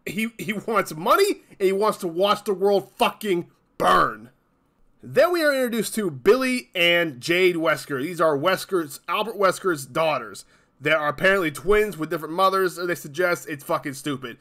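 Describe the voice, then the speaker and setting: A man with a high, bright voice rants as the host of his own channel. He swears constantly and hammers each point with exasperated emphasis. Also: lively intonation, normal speed. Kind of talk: angry ranting commentary.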